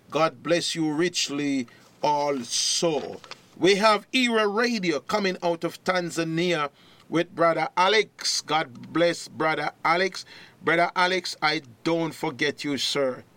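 Man, preacher, sermon, slow deliberate delivery, declaims scripture. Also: on the high side, sharp tone.

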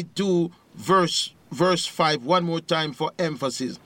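Slow, fervent preacher man with a bright voice. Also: dry recording. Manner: slow, fervent preaching cadence that rises to loud, high declamation. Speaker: radio preacher. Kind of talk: prayer and scripture reading.

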